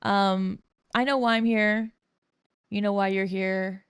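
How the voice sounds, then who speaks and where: A woman's voice: mid-range voice, steady tone, takes it slowly, smooth, no room sound, studio quality. A young woman hosting a podcast, ranting casually and bluntly with lots of swearing and sarcasm while reading from bullet points. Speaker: podcast host.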